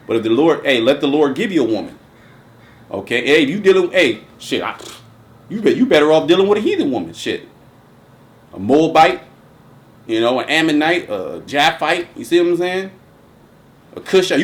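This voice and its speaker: A man hosting a casual religious commentary chat, talking emphatically and profanely with lots of restarts. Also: a little high. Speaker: host.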